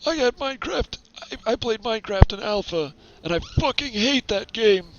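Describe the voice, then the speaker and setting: A man's voice: sits high, animated, normal speed, highs cut off, background noise. A man giving chatty, self-deprecating commentary while streaming a game.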